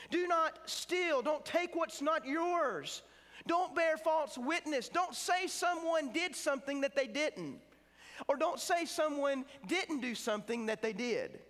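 High-voiced man preaching in an echoing chapel. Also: fairly bright tone. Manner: emphatic, slows down on key words. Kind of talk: sermon. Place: seminary chapel. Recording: chapel with long reverb.

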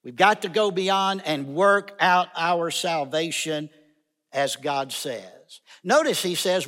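A man's voice: high-pitched, lively intonation, a little slow, fairly bright tone. A man preaching a sermon in a chapel, emphatic and repeating key phrases for stress. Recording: long chapel reverb.

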